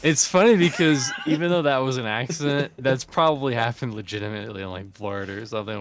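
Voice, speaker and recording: A man's voice: medium pitch, steady tone, quick pace, few pauses. Laid-back man chatting with friends. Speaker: co-host reading listener comments. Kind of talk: casual gaming chat.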